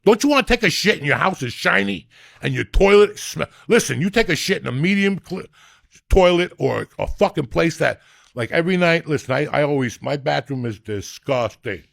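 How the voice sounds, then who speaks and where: A middle-aged man, telling crude comic stories in a loud, profane, animated way. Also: fairly high pitch, moderate pace, gravelly, dry recording, clean studio sound. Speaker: comedian and podcast host.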